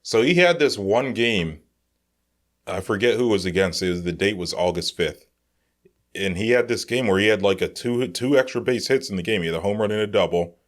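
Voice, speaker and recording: A man co-hosting a casual sports podcast, telling animated stories full of "like" and "dude". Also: lowish voice, a little fast. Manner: animated storyteller, lots of "like" and "dude". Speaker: podcast co-host.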